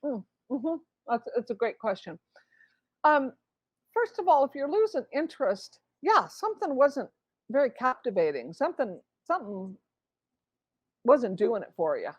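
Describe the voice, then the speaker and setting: Lively, animated woman author. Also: on the high side, normal speed, husky, dry recording. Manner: animated, acts out inner voices. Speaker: author and guest speaker. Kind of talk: conversational interview.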